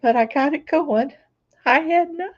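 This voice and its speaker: A woman with a hoarse, recovering voice, chatting casually on a livestream and greeting her viewers by name. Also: sits high, a little slow, dull audio. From Florida. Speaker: crafting channel host. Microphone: laptop microphone.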